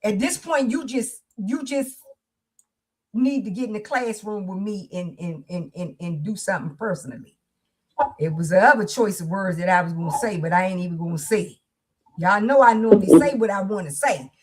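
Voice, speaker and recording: A woman's voice: mid-range voice, normal speed, slightly rough. A woman hosting a livestream support circle, speaking in a fervent, preacher-like way. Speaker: host. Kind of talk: livestream talk.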